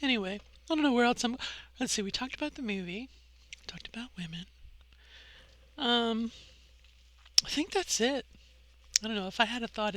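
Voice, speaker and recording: A middle-aged woman vlogging a personal monologue, impassioned and conversational, often checking in with a quick "okay?". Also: a little high, bright, forceful tone.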